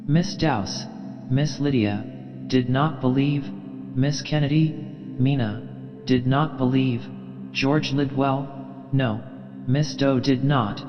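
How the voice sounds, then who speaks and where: A man narrating an audiobook in a slow, measured reading. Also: mid-range voice, highs cut off. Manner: measured, unhurried reading with long pauses. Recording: long reverb with faint music.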